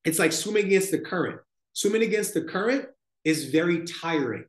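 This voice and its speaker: Male podcast guest, slightly high voice, reflective spiritual talk, echoey room sound. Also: lively intonation. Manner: slow, thoughtful, spiritual tone with frequent "like" and "right?". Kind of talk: reflective conversational storytelling.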